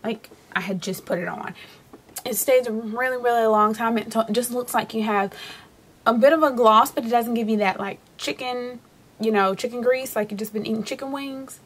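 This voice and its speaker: A woman's voice: on the high side, normal speed, husky. A young woman casually reviewing drugstore lipsticks in a chatty, rambling way, with frequent fillers and restarts. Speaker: beauty vlogger.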